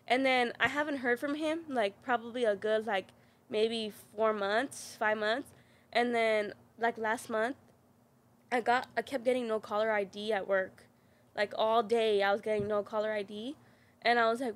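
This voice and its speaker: A young woman with a slightly high voice tells a story over casual podcast chat. She leans on "like" constantly and swears freely. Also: fairly even intonation, normal speed. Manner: storytelling, heavy use of "like", swearing. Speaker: podcast guest.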